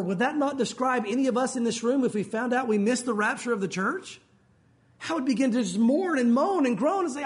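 A man's voice: expressive, brisk. A man preaching a sermon with an emphatic delivery, now and then acting out the voices in the verses he quotes. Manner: acts out quoted voices, rising pitch for pleading lines.

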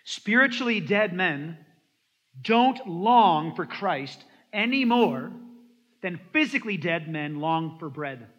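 Lively pastor in an echoing hall. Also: male voice, high voice, takes it slowly. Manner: animated storytelling, acts out quoted voices. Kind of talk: sermon. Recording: dull lo-fi sound in a long-echo hall.

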